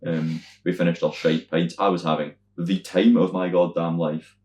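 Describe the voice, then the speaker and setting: A young Scotsman co-hosting a podcast speaks at a moderate pace; the sound is reverberant with a little hiss or hum. His casual storytelling is animated: he acts out other people's lines in loud, high-pitched voices and doesn't hold back on swearing.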